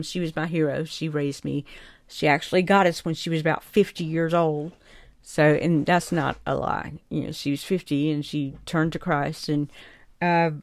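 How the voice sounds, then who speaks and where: A woman's voice: low voice, no room sound. An older woman from South Georgia with a Southern drawl, chatting to camera in a rambling, heartfelt way and chuckling often. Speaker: vlogger. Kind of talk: casual chat to camera.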